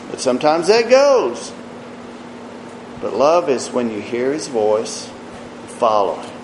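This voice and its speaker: Slow, earnest preacher man in an echoey room. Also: a little high, a little hiss or hum. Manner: slow, earnest preaching with rises and quiet drops. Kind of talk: sermon.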